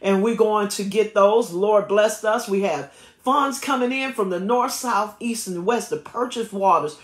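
A woman pastor preaches in an emphatic, lively way, laughing often between her words. Her voice sits at a middling pitch, and it rings in a roomy church space. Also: unhurried. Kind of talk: sermon and prayer.

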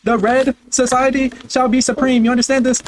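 A man giving loud, excitable gameplay commentary, full of brash trash talk, swearing and repeated barked commands. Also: extremely high pitch, brisk, slight background noise. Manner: barks repeated commands and chants. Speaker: gaming video creator.

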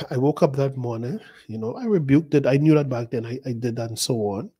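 A male pastor in his fifties teaches a sermon by retelling his own dreams, speaking loosely and conversationally and circling back on himself with asides. His voice is husky and warm, medium in pitch, expressive, and a little fast.

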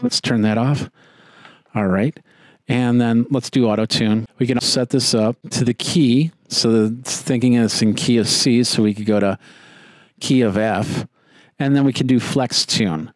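A man giving a casual product demo, explaining each control step by step in a relaxed, chatty way. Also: medium pitch, unhurried, no echo, clean studio sound. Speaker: tech reviewer.

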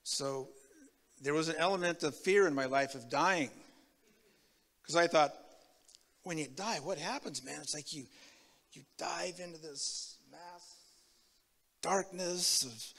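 Man preaching, bright forceful voice, fairly high, animated storytelling, loud then hushed, long church reverb. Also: slow, creaky, long pauses. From Tacoma, Washington. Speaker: guest preacher. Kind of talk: sermon with personal testimony. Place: church sanctuary.

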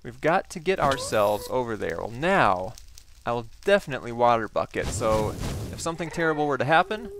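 A man hosting a game playthrough, chatting as he plays and breaking into excited exclamations. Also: medium pitch, a little fast, noisy background. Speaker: gaming channel host. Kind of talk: Minecraft let's play commentary.

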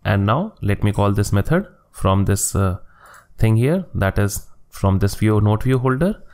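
A man's voice: on the low side, darkish tone, slight background noise. A man narrating a screen-recorded coding tutorial, walking step by step through each click and line of code at his desk.

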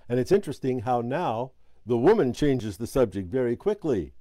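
A man leading a Sabbath School class, reading a scripture passage aloud in a measured way and stopping to explain it, now and then correcting his own slips. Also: medium pitch, expressive, warm tone, dry recording.

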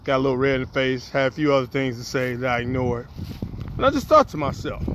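Animated man telling a story on a walk. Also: mid-range voice, fast talker. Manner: animated storyteller, acts out quotes. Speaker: poet and vlogger. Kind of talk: storytelling vlog while walking outdoors. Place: outdoors on a windy walk. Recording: faint wind and outdoor noise.

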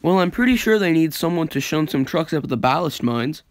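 A man's voice: a little high, lively intonation, brisk, no room sound, studio quality, pitched above the performer's own voice, close to an everyday voice. A man voicing a breezy, friendly engine who helps out a bored friend. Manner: breezy, helpful. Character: cheerful friendly helpful engine.

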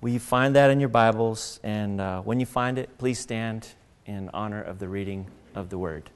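A male pastor giving a sermon, reading scripture aloud and then preaching with animated, acted-out voices. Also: lowish voice, moderate pace, clear, resonant tone, long reverb tail. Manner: animated, acts out mocking voices.

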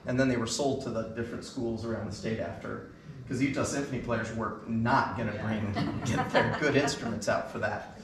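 A man's voice: mid-range voice, fairly even intonation, a little fast, background noise. Enthusiastic man telling stories in an echoey hall. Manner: enthusiastic anecdotal storyteller, many fillers. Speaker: band concert speaker. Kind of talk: storytelling from stage. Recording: echoey hall, mic at a distance.

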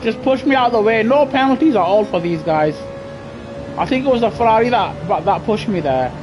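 A man giving live commentary over his racing game through a gaming headset, muttering to himself and breaking into excited shouts. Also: high-pitched, fairly quick, poor audio. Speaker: gaming streamer. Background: game music and car engine sounds.

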